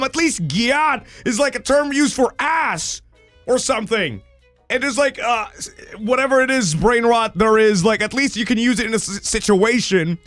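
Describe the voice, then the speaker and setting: A man in his thirties chatting casually on a live stream, excitable and foul-mouthed, breaking into shouted rants and laughter. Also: extremely high pitch, normal speed, no room sound, soft background music. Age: 30s.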